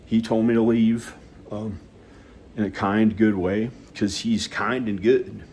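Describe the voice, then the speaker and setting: A man talking at home in a rambling personal monologue, hesitant and halting, with many restarts and fillers. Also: on the low side, fairly even intonation, a little mellow, a little hiss or hum. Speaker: vlogger. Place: inside his house.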